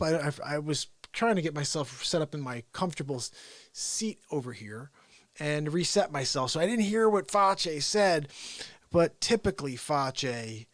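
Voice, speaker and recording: A man's voice: a little high, no room sound. A man hosting his own live show, rambling and joking, sometimes dropping into whispered asides. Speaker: host. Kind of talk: casual livestream chat.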